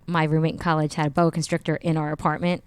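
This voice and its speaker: A woman guest on a podcast, telling a personal story with lively expression and acting out the dialogue. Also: low-pitched, quick pace, clean tone, no echo. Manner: expressive, acts out quoted dialogue. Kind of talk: animated storytelling in an interview. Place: radio studio. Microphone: studio microphone.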